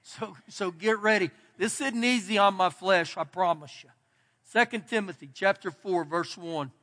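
Man, pastor, very high voice, emphatic folksy sermon, long church reverb. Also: normal speed, bright, forceful tone. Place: church sanctuary.

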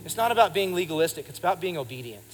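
A man's voice: on the high side, sing-song, rapid-fire. A man in his thirties, a pastor preaching a sermon to his congregation with emphatic delivery and calls for the crowd to respond. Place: church service before a congregation. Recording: live in a reverberant hall with music behind. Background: music.

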